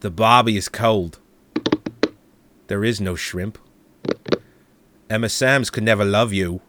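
A podcast co-host reading a short comic poem in a put-on Australian accent, slow and deadpan. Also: male voice, lowish voice, slight background noise.

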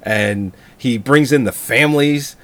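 A man's voice: medium pitch, unhurried, a bit bright. A man in casual film talk who laughs often and acts out lines from the movie. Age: older. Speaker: podcast co-host.

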